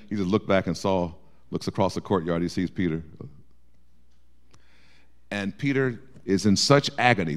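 A man leading a Bible study, his low voice rising and falling in wide swings. He acts out the quoted lines as he teaches. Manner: lively, acts out quotes with shifting voice.

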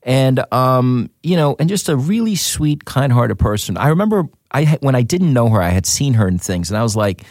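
A man's voice: medium pitch, moderate pace, few pauses, no echo, studio quality. A man, an actor, chatting casually in an interview and telling stories with lots of fillers. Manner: animated, storytelling with many fillers. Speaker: actor guest.

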